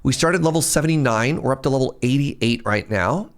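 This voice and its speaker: A man's voice: mid-range voice, expressive, a little fast. A man streaming a game, chatting casually, telling stories and laughing often between moves. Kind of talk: casual gameplay chat.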